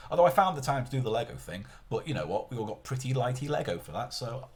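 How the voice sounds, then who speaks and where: A man's voice: mid-range voice, very animated, fast. A man chatting casually on a live stream, rambling and often interrupting himself mid-sentence.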